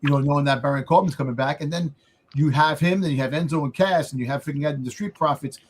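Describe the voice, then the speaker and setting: A man co-hosting a casual wrestling podcast, excitable and rambling, often repeating words. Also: a little high, quick pace, slight background noise. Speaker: podcast co-host.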